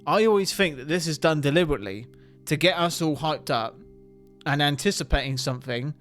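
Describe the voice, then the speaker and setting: A man hosting a reaction video, talking excitedly with rhetorical questions and stumbling restarts. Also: on the high side, fairly quick, soft background music. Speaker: host reacting to viral clips.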